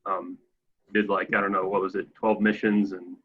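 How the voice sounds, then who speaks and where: A man's voice: low voice, little pitch movement, moderate pace, dull audio, slight background noise. A man chatting casually on a podcast, laid-back and hesitant, often restarting his sentences. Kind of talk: casual chat.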